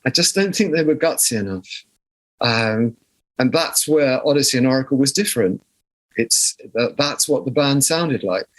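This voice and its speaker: A man's voice: medium pitch, animated, moderate pace. An older man from southern England with a southern English accent, a guest musician telling stories in an interview in a reflective way, often restarting his sentences. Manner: reflective, storytelling with frequent restarts. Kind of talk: conversational interview.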